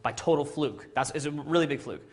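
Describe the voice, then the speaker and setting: A middle-aged man from Canada, telling a story to an audience in an animated way and acting out the dialogue, often asking "right?" and "okay?". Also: a little high, brisk.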